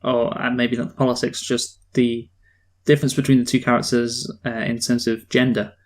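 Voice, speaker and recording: A man co-hosting a casual film review podcast, asking questions and making his points in a measured way. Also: mid-range voice, flat delivery.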